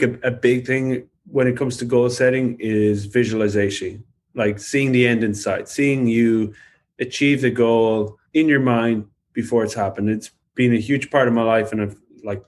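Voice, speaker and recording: A man co-hosting a podcast in casual chat, animated and rambling, with lots of filler words. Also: mid-range voice. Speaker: podcast co-host.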